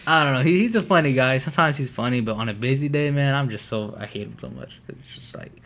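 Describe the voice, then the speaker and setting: Man, podcast guest, casual profane chat, middle pitch. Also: quick pace, vocal fry. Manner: rambling, slangy and profane, often trailing off quietly.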